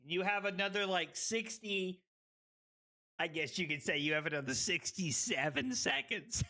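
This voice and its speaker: Brief: young female stream host, card game commentary, animated and loud, vivid pitch swings. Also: soft background music. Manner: animated, excitable, quick to laugh and shout.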